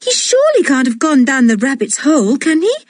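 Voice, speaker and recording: A woman voicing a stubborn young girl who is fiercely loyal to her dog, calling out in a high, urgent voice. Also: big pitch swings, a little fast, dry recording. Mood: frightened.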